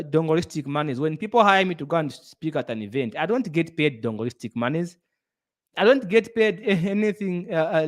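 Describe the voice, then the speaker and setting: An earnest middle-aged man delivering a motivational talk with a preachy, repetitive style. His voice sits a bit higher than most men's, and he drives home each point by saying it again. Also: a bit bright. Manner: earnest, preachy, repeats phrases for emphasis. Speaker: business speaker.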